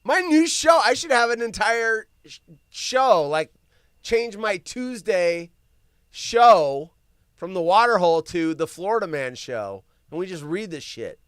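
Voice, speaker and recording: A man's voice: high voice, expressive, unhurried, fairly bright tone, clean tone, dry recording, clean studio sound. A man hosting a live show, chatting casually and reading odd news stories aloud with crude, rambling asides.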